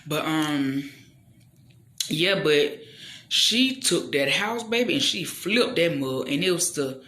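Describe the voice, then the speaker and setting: Bright-voiced woman telling an animated story. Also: slow. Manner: animated, acts out the people in her story with big jumps in pitch; chatty, keeps checking in with the listener. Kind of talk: casual storytelling with a faith message.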